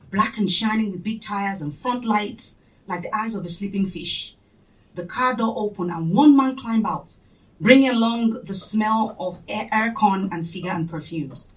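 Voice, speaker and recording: A woman reading a first-person story aloud in a plain, unhurried way. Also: mid-range voice, recorded from a distance, rough recording. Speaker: audiobook narrator.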